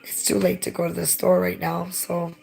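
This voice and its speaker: Hoarse, wheezy woman host, low and flat; gravelly fry throughout. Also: moderate pace. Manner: gravelly and tired. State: hoarse, losing her voice, out of breath. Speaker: livestream host reading chat. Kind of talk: casual livestream chat.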